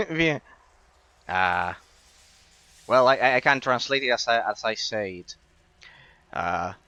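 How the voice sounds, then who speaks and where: Guy streaming, bright forceful voice, keeps repeating himself and tripping over words. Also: mid-range voice. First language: Spanish. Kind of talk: casual stream chat with viewers.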